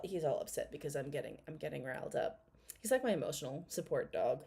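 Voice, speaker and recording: A woman's voice: sits low, sing-song, quick pace, gravelly, dark tone, slightly rough. A woman in her thirties chatting casually while reacting to a video, blunt and sarcastic, swearing and laughing often. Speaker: commentary vlogger.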